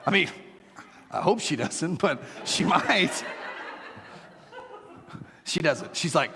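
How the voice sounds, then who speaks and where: A middle-aged man preaching a sermon as pastor, animated and joking with playful asides to his congregation. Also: mid-range voice, a little slow, long pauses, big-room sound. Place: church sanctuary.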